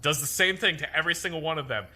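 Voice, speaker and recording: A man's voice: fairly high pitch, racing, sharp tone. A young man telling a funny army story to a group, laughing through his lines. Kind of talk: comic storytelling.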